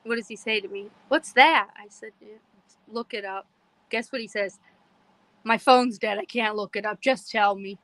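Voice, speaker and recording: A middle-aged woman from Pennsylvania, hosting a podcast and telling a story in a casual, animated way, quoting herself and others and laughing often. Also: mid-range voice, normal speed, no echo, poor audio. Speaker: podcast host.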